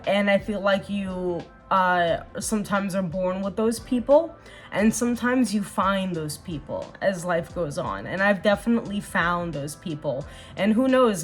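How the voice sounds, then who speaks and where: Young woman, casual makeup vlog chat, earnest and rambling, soft music behind. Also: mid-range voice. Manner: chatty, earnest, rambling with fillers. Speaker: vlogger. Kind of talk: casual get-ready-with-me chat.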